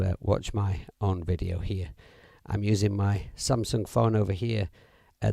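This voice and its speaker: On his livestream, a middle-aged man chats his way through music app demos, wandering off track and correcting himself amid filler words. He speaks in a lowish, mellow voice with vocal fry, recorded dry and clean through an audio interface mic.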